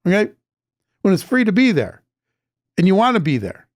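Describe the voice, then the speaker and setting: A man's voice: sits high, wildly swooping pitch, normal speed, no echo, clean studio sound. A man gives a blunt, emphatic opinion monologue to camera. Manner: blunt, emphatic, mocking quoted voices. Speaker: social media commentator.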